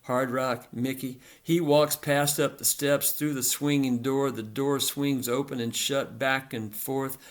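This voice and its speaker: A man narrating a literary story in a rhythmic, repetitive, deliberate delivery. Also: mid-range voice, fairly even intonation.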